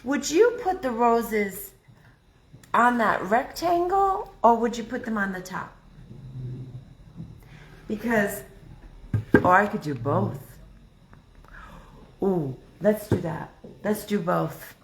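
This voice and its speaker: A woman hosting a casual live craft stream, chatty and excitable, thinking out loud as she works. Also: medium pitch, slow, long pauses, roomy sound, background noise. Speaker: craft livestream host.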